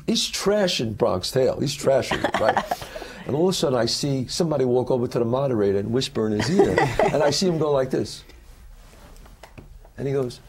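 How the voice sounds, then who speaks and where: A man, an actor, talking as a guest in an interview and telling animated stories in which he acts out other people's lines. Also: mid-range voice, a little hiss or hum. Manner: lively storyteller who acts out the quotes.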